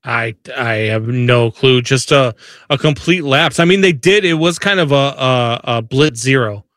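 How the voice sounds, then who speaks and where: Excitable bright-voiced man in sports talk. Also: medium pitch, unhurried, no room sound, clean studio sound. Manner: excitable, repeats and restarts phrases.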